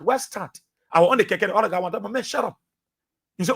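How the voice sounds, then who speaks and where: A Liberian man with a strikingly high, bright and forceful voice, slightly husky, gives fiery commentary on a radio talk show. Expressive and rapid-fire, he preaches at his audience, hammering each point home by repeating short phrases over and over in Liberian English.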